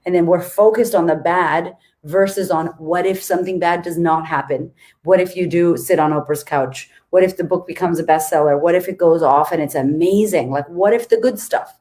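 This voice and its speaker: A woman's voice: lowish voice, fairly even intonation, moderate pace, few pauses, mellow. A woman on a video call, a guest author in casual chat, blunt and emphatic, swearing freely.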